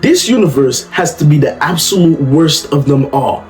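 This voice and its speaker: Animated slangy young man over music. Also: on the high side, moderate pace. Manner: animated, slangy, repeats "you know what I'm saying". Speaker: comedy commentary youtuber. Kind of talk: comedic commentary. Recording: music playing under the voice.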